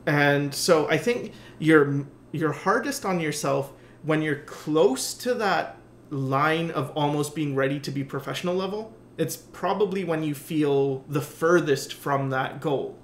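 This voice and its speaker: A man's voice: fairly high pitch, unhurried, slight background noise. A man hosting a podcast, talking things through casually, rambling and musing with plenty of fillers. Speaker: podcast host. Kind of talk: casual conversation. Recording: roomy echo.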